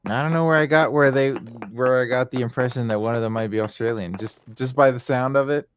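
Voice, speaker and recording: A man's voice: medium pitch, a little fast, a little hiss or hum. A man chatting casually on a game stream, joking and swearing freely with frequent laughs. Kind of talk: casual chat.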